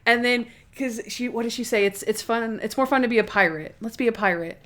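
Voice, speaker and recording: A woman co-hosting a podcast chats casually and eagerly, filling her speech with plenty of fillers. Her voice is on the high side, a bit bright, and brisk.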